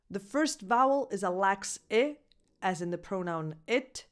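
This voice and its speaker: A young woman coaching English pronunciation, carefully modeling each word and repeating sounds clearly. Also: medium pitch, animated, unhurried. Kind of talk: pronunciation lesson.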